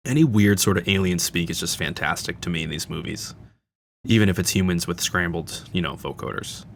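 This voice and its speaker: A man's voice: deep voice, expressive, moderate pace, creaky, slight background noise. A man hosting a casual film commentary, talking like an enthusiastic fan with frequent fillers and restarts. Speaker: channel host.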